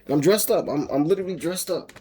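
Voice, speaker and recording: A man's voice: on the high side, fast, mellow, a little hiss or hum. A man vlogging about his homestead, telling a personal story in a casual, rambling way with frequent restarts and laughs.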